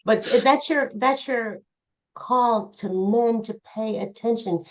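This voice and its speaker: A woman hosting an interview, relaxed and conversational, encouraging her guest. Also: fairly high pitch, slow. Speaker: host.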